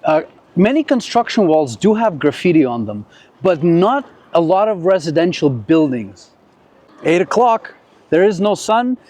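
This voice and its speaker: A man's voice: high voice, sing-song, a little slow, darkish tone. A man hosting a casual walk-and-talk vlog on city streets at night, chatty and jokey, rambling with restarts. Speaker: vlogger host. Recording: noisy outdoor street.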